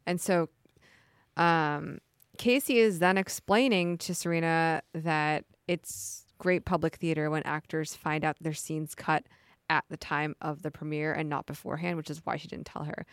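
A woman's voice: low voice, moderate pace, smooth, no echo, clean studio sound. A young woman co-hosting a podcast, chatting casually and retelling scenes with lots of "like". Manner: chatty, peppered with "like", animated retelling. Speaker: podcast co-host. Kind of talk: casual TV recap chat.

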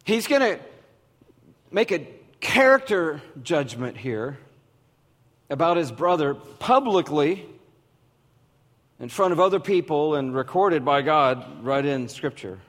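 A man preaching a sermon as a pastor, slow and emphatic with dramatic pauses. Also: fairly high pitch, animated, a bit bright. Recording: long hall reverb.

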